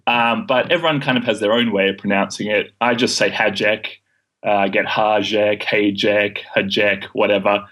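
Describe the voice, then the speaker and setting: A man's voice: on the low side, fast talker, few pauses, fairly bright tone. A man in his twenties with an Australian accent, answering interview questions confidently, with frequent ums. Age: 20s. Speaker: guest, student debater.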